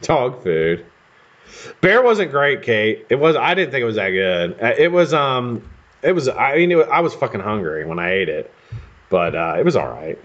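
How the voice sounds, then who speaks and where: A man's voice: mid-range voice, very animated, moderate pace, a bit bright. An American man hosting a live stream, chatting casually and rambling with casual swearing while he builds coils. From United States. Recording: dull lo-fi stream audio.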